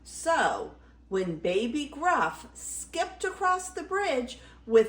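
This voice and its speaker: Older woman, grandmotherly storyteller, very slow and expressive, echoey room. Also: sits high. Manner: expressive, slow dramatic reading. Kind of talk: reading a fairy tale aloud. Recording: roomy echo.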